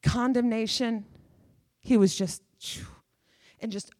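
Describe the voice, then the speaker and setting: Fervent woman preacher, slightly high voice. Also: moderate pace, no room sound, studio quality. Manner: fervent, emphatic, repeats phrases for effect. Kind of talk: sermon.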